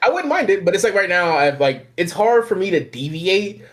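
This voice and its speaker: A man's voice: high voice, sing-song, a little fast, fairly bright tone. Boisterous young Southern man, laughing. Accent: Southern American. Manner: boisterous, outgoing, laughs often. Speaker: podcast host, anime YouTuber. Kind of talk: casual podcast chat.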